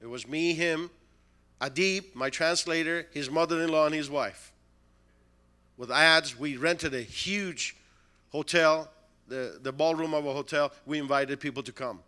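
A man preaching a storytelling sermon, animated, with broken-English phrasing and frequent chuckles. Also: on the high side, unhurried.

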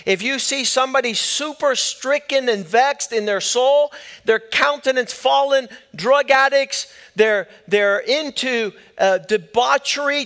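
High-voiced male pastor preaching. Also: fairly bright tone. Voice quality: emphatic, rising and falling preaching cadence. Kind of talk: sermon.

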